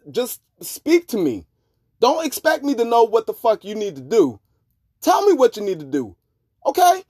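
A man hosting a podcast, talking in a rambling, profane monologue that swings between low mutters and loud outbursts. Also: no echo, studio quality. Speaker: podcast host. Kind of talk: casual monologue.

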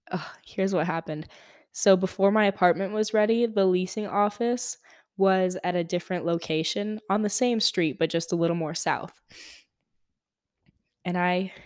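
A young woman hosts a podcast, telling a casual story in a chatty, exasperated monologue packed with fillers. Her voice is lowish and a little mellow, recorded dry at studio quality.

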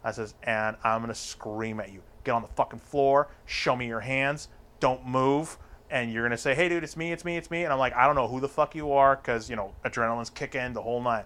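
A man's voice: mid-range voice, steady tone, a little fast, a bit bright. Profane man telling a wild story. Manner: crude, profane, acts out other people's lines. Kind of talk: casual storytelling chat.

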